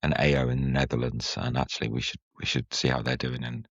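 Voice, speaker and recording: Host: extremely deep, husky man, teasing banter, muffled and dry. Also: little pitch movement, fast, fairly bright tone, dry recording. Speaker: podcast host. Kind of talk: casual chat. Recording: slightly muffled, dry sound.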